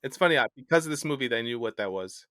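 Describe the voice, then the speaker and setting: A man's voice: medium pitch, expressive, fast, pushed and bright. A man co-hosting a podcast, joking playfully in casual chat. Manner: playful, jokey. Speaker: podcast co-host.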